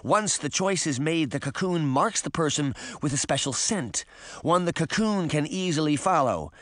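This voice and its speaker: A man voicing a proud, bitter fairy girl in a storybook reading, speaking in a low seethe. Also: lively intonation, normal speed, no room sound, clean studio sound, natural voice.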